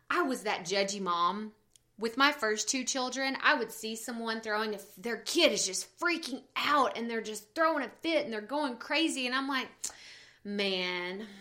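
A woman in her thirties, a podcast host, chatting casually and telling animated stories, full of "like" and "okay?". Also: fairly high pitch. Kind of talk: casual chat.

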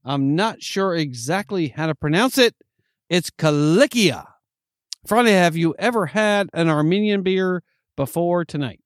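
Hiccuping through a casual chat, a male podcast co-host tastes drinks and rambles enthusiastically with plenty of restarts. His high voice is expressive and unhurried, recorded with clean studio sound and no room ambience.

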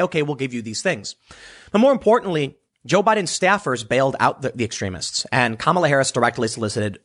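A man with a fairly high voice delivers animated, casual political commentary, occasionally mocking others by putting on voices.

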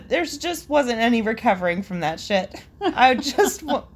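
Young woman, fairly high voice, casual story reading, chuckles between tales. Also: very animated, a little slow, a little hiss or hum. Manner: amused, laughs between stories. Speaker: storyteller reading listener stories.

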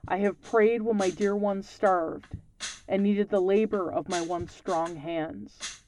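A sorrowful old woodsman from a read-aloud folktale, as the narrator puts him on. His voice is husky and tearful, pleading and slow. Soft music hums faintly behind him. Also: medium pitch, poor audio.

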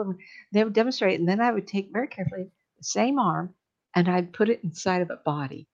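A woman's voice: on the low side, fairly quick, darkish tone, lo-fi sound. A middle-aged woman, a psychic medium, telling stories in casual chat, laughing often and acting out voices.

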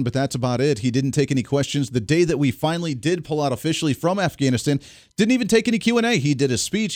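A man hosting a political talk radio show, speaking in an emphatic, animated way that rises on key words. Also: medium pitch, dry recording, studio quality.

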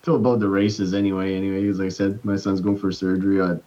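A man with a very deep voice chats as a guest trail builder, easygoing and a little rambling. His audio sounds dull and lo-fi. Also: level tone, quick pace, dark tone. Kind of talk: casual chat.

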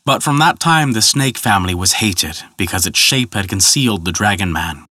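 Bright-voiced male storyteller. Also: on the low side, no echo, studio quality. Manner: measured, even storytelling. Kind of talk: scripted storytelling narration.

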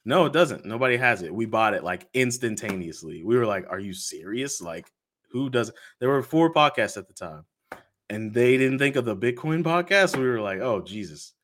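A man's voice: mid-range voice, expressive, normal speed, fairly bright tone, a little hiss or hum. A man, a podcast host being interviewed, telling a story in casual chat and acting out the quoted dialogue with laughs.

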